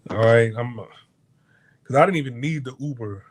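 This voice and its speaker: A man's voice: mid-range voice, slow, pauses often. A man hosting a casual podcast monologue, rambling through a story with frequent restarts and stammers, acting out the lines of the people he quotes. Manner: animated retelling with acted-out quotes. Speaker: podcast host. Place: hotel abroad.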